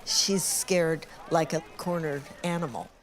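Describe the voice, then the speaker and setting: A woman's voice: low-pitched, steady tone, a little slow, a little hiss or hum. Wry, candid older woman looking back. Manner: candid, wry, self-mocking. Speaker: presenter looking back on past interviews. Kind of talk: reflective documentary narration.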